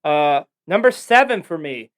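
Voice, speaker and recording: A man's voice: on the high side, a little slow. A man hosting a podcast, chatting casually and telling rambling, profanity-filled stories. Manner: animated, profane storytelling; rambling and digressive. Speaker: podcast host. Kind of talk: casual chat.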